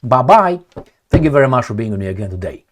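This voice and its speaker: A man's voice: lowish voice, very fast. A man with a Romanian accent, a commentary host talking through world affairs in a blunt, crude, mocking way. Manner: shows a map while talking. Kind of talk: casual monologue commentary.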